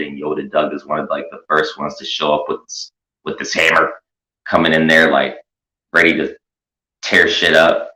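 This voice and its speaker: A man's voice: a bass voice, pushed and bright. A man hosting a commentary show, rambling through a crude, mocking, profane rant. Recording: echoey room.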